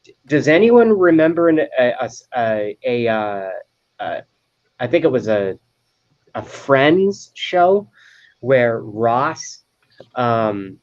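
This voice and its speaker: A man talks as a guest over a video call, looping through a story and tripping over his own restarts. His voice sits at an ordinary middle pitch. The audio comes through muffled and lo-fi. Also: a little mellow. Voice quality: rambling, stammering restarts. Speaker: guest on a live stream. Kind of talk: casual chat.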